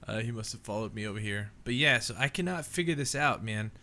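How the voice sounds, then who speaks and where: A man's voice: on the low side, expressive, moderate pace, bright, forceful tone. A young man hosting a gaming channel, giving casual let's play commentary at home in a rambling, easygoing way. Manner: rambling, easygoing, says "man" and "dude" a lot.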